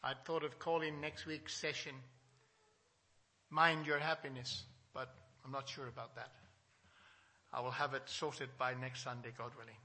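A male pastor preaching a Sunday sermon to his small congregation, reading scripture with emphasis and asking questions, swinging from loud to soft. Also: mid-range voice, level tone, a little slow, long pauses.

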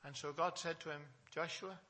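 A male pastor delivers a Sunday sermon to his small congregation, reading scripture with emphasis, posing questions and swinging between loud and soft. His voice is a little high with fairly even intonation at normal speed.

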